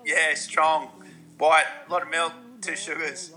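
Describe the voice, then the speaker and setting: A man's voice: a little high, little pitch movement, unhurried, bright, forceful tone, low-quality recording. A man as a podcast guest, telling modest, self-deprecating stories in casual chat.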